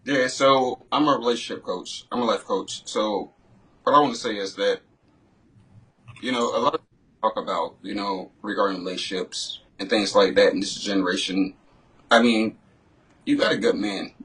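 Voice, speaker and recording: A man's voice: on the low side, moderate pace, a bit bright, husky, rough recording. A man hosting a casual podcast interview as a relationship coach, speaking in a laid-back way and often asking "you know what I'm saying".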